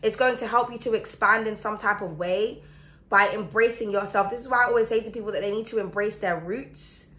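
Bright-voiced Caribbean woman reading tarot. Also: medium pitch, a little fast. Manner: chatty, emphatic, addresses viewer directly. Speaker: tarot reader.

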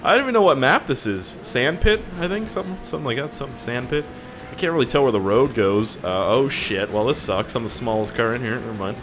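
Background noise accompanies a young YouTuber's animated, brisk gameplay chatter at medium pitch. He wanders from topic to topic, curses, and jokes around with the people watching.

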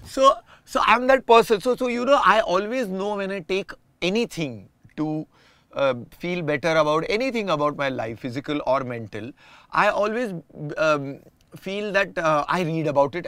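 A man's voice: fairly high pitch, moderate pace, a bit bright, no echo. A man, talking reflectively and at length as a guest in a casual conversation. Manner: reflective, explains at length with restarts.

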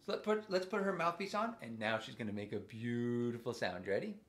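Man, children's music teacher, sing-song, very lively pitch, playful. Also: brisk. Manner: playful, sing-song, coaxing kids to join in. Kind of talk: interactive music lesson for young children.

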